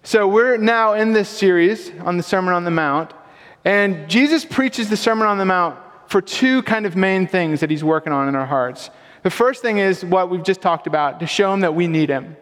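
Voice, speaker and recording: A man's voice: high-pitched, moderate pace, a bit bright. A young man preaching a sermon as a pastor, casual and conversational with self-deprecating humor. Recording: long hall reverb.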